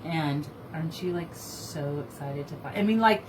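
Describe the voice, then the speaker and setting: A woman co-hosting a casual book review chat, gushing and excitable. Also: low voice, moderate pace. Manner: gushing, excitable, laughs and trails off. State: feverish. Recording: noisy home recording.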